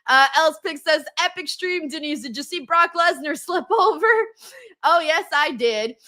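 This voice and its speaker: A woman's voice: high voice, normal speed, sharp tone. A woman hosting a live stream, reading viewers' comments aloud in casual chat, laughing often and swearing freely.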